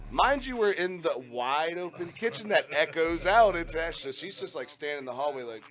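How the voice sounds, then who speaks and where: Animated, profane male storyteller. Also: on the high side, fairly quick, few pauses, faint music behind. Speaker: radio show host. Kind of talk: casual storytelling chat.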